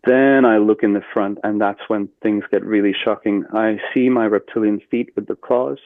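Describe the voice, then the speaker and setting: A man telling a personal story as a podcast guest, earnest and steady with fillers. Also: on the low side, normal speed, no room sound. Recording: tinny phone-like line, dry.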